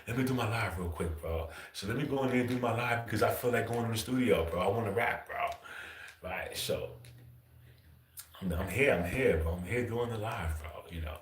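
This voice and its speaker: A man's voice: lowish voice, brisk. Casual man saying "bro" constantly, echoey. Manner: loose, profane, says "bro" constantly, chuckles often. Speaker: livestream host. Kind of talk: casual livestream monologue.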